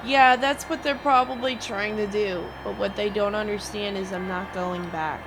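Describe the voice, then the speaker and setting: A woman's voice: mid-range voice, steady tone, normal speed. A young woman streamer venting to her viewers in a rambling, swearing rant. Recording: noisy background.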